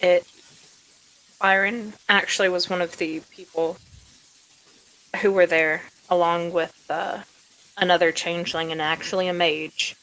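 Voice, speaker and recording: A woman runs a tabletop game as game master, narrating in a lowish voice. She talks slowly and haltingly, stopping often on fillers as she works out what to say. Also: steady tone, a bit bright, rough recording. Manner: slow, halting, with many fillers.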